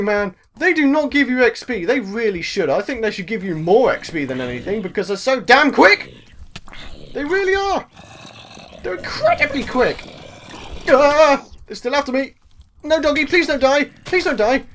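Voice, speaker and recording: A jumpy, excitable man with a British accent commentating his own gameplay. He talks to himself, loops the same words again and again, and lets out mild swears. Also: very high voice, slight background noise. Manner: excitable, repeats phrases over and over. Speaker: gaming video host. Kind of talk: let's play commentary.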